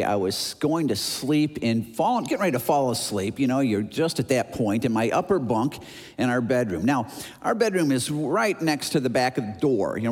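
A man in his sixties from Chicago, preaching a sermon as an animated storyteller who acts out noises and voices. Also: mid-range voice. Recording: long hall reverb.

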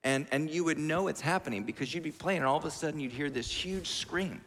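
A man preaching a sermon in a lively, conversational way, with asides, in a church hall. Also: fairly high pitch, brisk. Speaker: pastor. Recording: long church reverb.

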